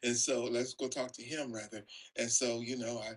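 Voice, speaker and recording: A man's voice: medium pitch, fairly even intonation, moderate pace, hardly any pauses, rough recording. An older man from Oakland, a music producer and songwriter guest, telling stories in a casual interview, rambling with many "you know"s and chuckles. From Oakland, California.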